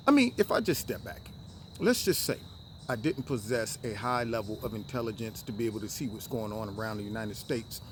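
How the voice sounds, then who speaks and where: A man hosting a solo political commentary show, talking in an animated way and acting out other people with high, exaggerated voices. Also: slight background noise.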